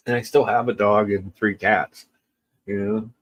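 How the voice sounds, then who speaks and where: A man with a somewhat low voice who is crying as he talks. He chats casually with viewers in a halting, tearful way, often stopping and starting over. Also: steady tone, rough recording. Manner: halting, tearful, many restarts and pauses. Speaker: livestream host. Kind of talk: casual livestream chat with viewers.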